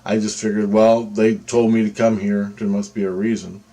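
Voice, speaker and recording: A man tells a personal story in a loose, rambling way, full of restarts and fillers. His voice sits on the low side. He acts out what others said as he goes. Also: flat delivery, moderate pace, mellow. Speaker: vlogger telling personal experiences. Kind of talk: casual storytelling.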